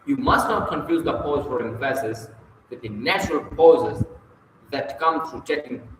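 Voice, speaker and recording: Male reader, slightly high voice, measured pacing, roomy sound with faint hum. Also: very animated. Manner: slow, deliberate reading with long pauses, occasional slips. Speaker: reader of a public speaking book. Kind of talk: reading a book aloud with recited verse.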